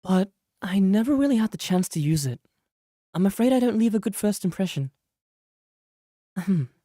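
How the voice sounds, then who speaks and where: A man's voice: high voice, expressive, moderate pace, dark tone, dry recording, clean studio sound, voice pushed up. A man putting on a shy, earnest young woman's voice with a put-on British accent while reading game dialogue aloud. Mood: earnest, polite. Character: shy polite young woman, a kind junior.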